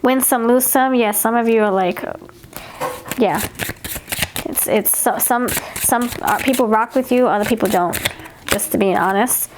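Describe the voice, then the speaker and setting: A woman's voice: on the high side, measured pace, pauses often, noisy background. A woman giving a pick-a-card tarot reading, chatting casually, repeating herself and reading card messages aloud. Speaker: tarot reader.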